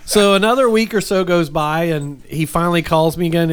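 A man's voice: fairly high pitch, brisk, clear, resonant tone. A man telling a long story in casual chat, rambling, with many restarts and asides.

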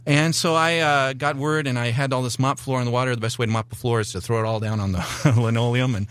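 A middle-aged man telling a personal testimony on a talk show, animated and acting out the voices in his story. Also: medium pitch, fast talker, clean tone, no room sound. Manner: animated storyteller, acts out dialogue. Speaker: guest. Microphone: studio mic.

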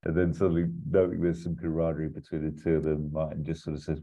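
A man chatting casually as a podcast co-host, rambling through a pitch with lots of fillers and chuckles. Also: completely flat delivery, fast, hardly any pauses, warm tone. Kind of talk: casual chat. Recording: slightly muffled recording.

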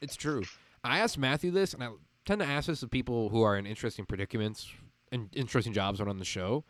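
A man with a faint Midwestern American accent chats as a podcast host, rambling and animated. His voice sits at an ordinary middle pitch. The sound is dry and close, with no room around it, as on a video call. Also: fast, dry recording. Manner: animated, rambling, laughs often. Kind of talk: casual chat.

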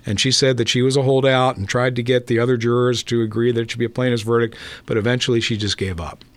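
A man's voice: medium pitch, level tone, fast, no echo. A man telling courtroom stories. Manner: storytelling, acting out courtroom dialogue. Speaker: trial attorney. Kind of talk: podcast panel discussion.

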